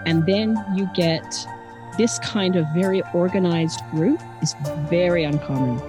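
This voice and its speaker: A woman's voice: on the low side, unhurried, over music. A woman with an Australian accent, co-hosting a true-crime podcast and explaining the story in an earnest, conversational way. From Adelaide, South Australia. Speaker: podcast co-host.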